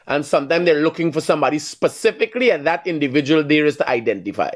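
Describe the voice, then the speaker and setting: A man with a Guyanese accent hosting a call-in talk show, blunt and quick to scold his callers. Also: a little high, animated.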